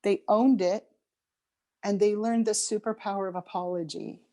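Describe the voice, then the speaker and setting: A middle-aged woman, an interview guest, telling a personal story in a reflective, unhurried way, with frequent ums and restarts. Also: mid-range voice, fairly even intonation, dark tone. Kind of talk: conversational storytelling.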